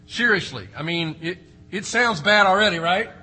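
A man's voice: high-pitched, animated, normal speed, sharp tone, low-quality recording. A man preaching an expository sermon, emphatic, with rhetorical questions and strong rises and drops for stress. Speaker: pastor.

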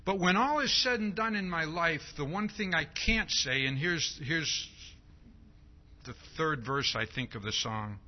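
A man preaching a sermon, reading scripture aloud and asking "see?" again and again in a slow, emphatic way. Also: on the high side, expressive. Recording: dull lo-fi recording.

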